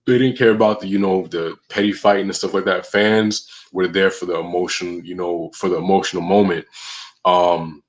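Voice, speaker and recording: Low-voiced guy chatting wrestling, sure of himself, punchy takes. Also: steady tone, moderate pace. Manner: confident, emphatic opinions. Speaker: podcast co-host. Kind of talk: casual wrestling chat.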